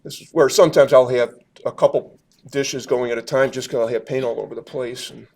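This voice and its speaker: A man talks through a watercolor demo at a club meeting. He rambles in a friendly, self-deprecating way and fills pauses with "um" and "uh" as he paints. His voice sits at an ordinary middle pitch. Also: fairly even intonation, darkish tone. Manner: chatty, rambling, self-deprecating, with many fillers. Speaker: watercolor instructor. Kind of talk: live painting demonstration with audience questions. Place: meeting room at a club gathering.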